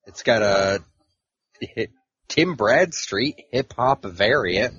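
A man with a low, husky voice chats casually on a podcast, working through a list of titles with dry little asides. The sound is dry and a bit dull, with no room around it. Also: expressive, drawn-out words, a bit bright, no room sound. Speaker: podcast co-host. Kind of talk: casual chat.

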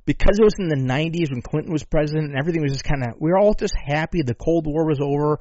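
A man's voice: rapid-fire, no echo. Man, comedic rant, profane, rambling, dull lo-fi sound, dry. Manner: rambling, profane, swings between loud outbursts and low mutters. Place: at home with a dog.

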